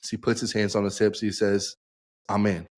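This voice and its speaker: A man's voice: lowish voice, level tone, normal speed. A young man, a podcast guest, telling his story casually and acting out the dialogue he quotes. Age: young adult.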